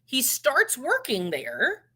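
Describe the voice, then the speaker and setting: A middle-aged woman co-hosting a podcast, telling stories in a relaxed, unhurried way with frequent restarts. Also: sits high, breathy edge. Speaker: podcast co-host. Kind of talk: casual chat.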